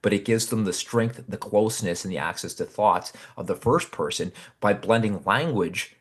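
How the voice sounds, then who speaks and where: A man's voice: on the low side, normal speed, slightly rough. A man hosting a literature podcast, talking through a short story in a loose, thoughtful way with many fillers and restarts. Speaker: podcast host discussing literature. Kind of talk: casual spoken literary analysis.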